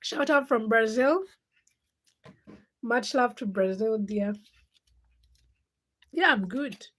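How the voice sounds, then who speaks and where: A woman's voice: fairly high pitch, animated, takes it slowly, a bit bright, slight background noise. A young woman hosting a casual late-night livestream, chatting and teasing viewers by name as she reads their comments. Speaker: livestream host.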